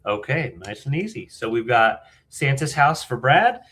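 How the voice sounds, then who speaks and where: A man's voice: mid-range voice, big pitch swings, moderate pace, a bit bright, a little hiss or hum. A man co-hosting a live vintage sale, counting down bids in an easygoing way. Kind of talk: live auction chat.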